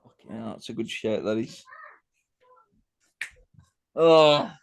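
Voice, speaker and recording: A man co-hosting a casual podcast, excitable and swearing as he plays along with a quiz and pretends to fume. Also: medium pitch, slow pace, creaky, dry recording. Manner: excitable, swears, mock-fuming. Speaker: co-host.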